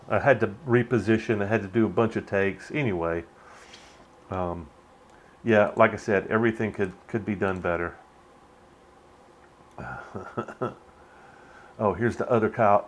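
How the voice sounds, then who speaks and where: A man hosting a casual, rambling commentary on a movie. He laughs often and swears now and then. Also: lowish voice. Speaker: channel host.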